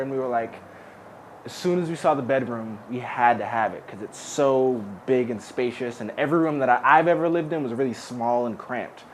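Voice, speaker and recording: Slight background noise sits under a mid-range male voice. He's a laid-back, chatty young adult who was formerly homeless, casually touring his own apartment indoors, joking and using "like" a lot.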